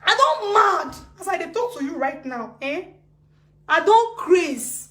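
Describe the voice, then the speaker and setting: Agitated Nigerian woman ranting live, very high voice, wildly swooping, echoey room. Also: big pitch swings, normal speed. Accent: Nigerian Pidgin. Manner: agitated, swings between laughing, crying and shouting. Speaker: live video speaker. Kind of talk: emotional live-video rant.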